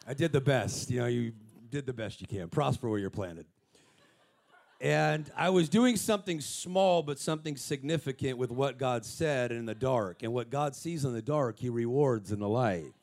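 A man giving a lively, humorous motivational sermon in a large church auditorium, telling stories and calling out people in the crowd. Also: medium pitch, normal speed, vocal fry. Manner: energetic, humorous storytelling with crowd shout-outs. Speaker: guest speaker.

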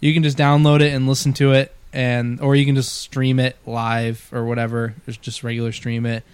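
A man's voice: medium pitch, flat delivery, normal speed, darkish tone, clear, resonant tone, no echo. A young man hosting a podcast from a basement, chatting crudely, swearing and laughing often. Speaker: podcast host. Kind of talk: crude casual chat.

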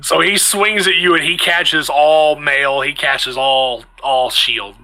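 A man's voice: on the high side, fairly even intonation, slow, sharp tone, low-quality recording. A man narrating as game master of a tabletop game, chatty and restarting phrases as he describes the action.

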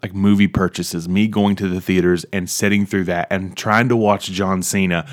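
A young man with a lowish voice hosts his own podcast, talking alone in a loose, meandering way. He restarts sentences often and warms up into animated, opinionated bursts. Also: normal speed. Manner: rambling, self-interrupting, animated about movies. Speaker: podcast host. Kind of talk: casual solo monologue.

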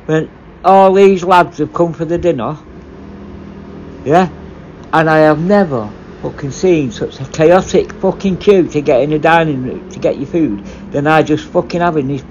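A former prison officer talking bluntly in a casual, sweary monologue. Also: male voice, a little high, measured pace, a little mellow, slight background noise, poor audio.

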